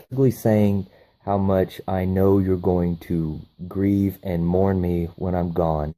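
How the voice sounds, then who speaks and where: Low-voiced man recapping a movie. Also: mellow. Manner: profane, enthusiastic storytelling. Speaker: movie reviewer.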